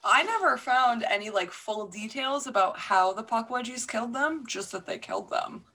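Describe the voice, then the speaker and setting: Bright-voiced woman telling a story. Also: fairly high pitch, animated, normal speed. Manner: laid-back storytelling, swears freely, laughs often. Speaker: podcast host telling a folklore story. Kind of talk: casual chat.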